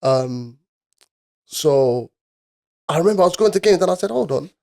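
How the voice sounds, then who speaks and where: A man's voice: on the high side, normal speed, gravelly. A young man, telling stories on a podcast in casual slang and acting out other people's voices. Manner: animated storytelling with slang, acts out voices. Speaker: podcast guest. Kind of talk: casual chat.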